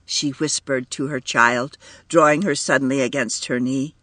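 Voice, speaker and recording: A man narrating a storybook in a measured, expressive reading voice. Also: medium pitch, no echo. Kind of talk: audiobook narration.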